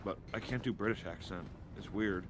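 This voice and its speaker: A man's voice: low voice, normal speed, very noisy. A man talking casually on a stream as a guest, rambling and laughing a lot as he explains things.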